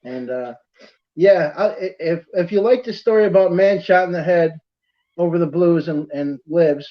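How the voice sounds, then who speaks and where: A man's voice: fairly high pitch, normal speed. A man telling stories in casual chat, rambling with many fillers and laughing through his tales. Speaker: storyteller in casual conversation. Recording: dull lo-fi audio.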